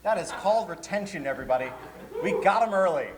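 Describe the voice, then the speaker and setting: A man's voice: high voice, fast. Joking man hosting a convention panel. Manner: joking, chatty, lively with laughs. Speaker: convention programming director. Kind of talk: live panel talk to an audience. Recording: hall reverb, faint room noise.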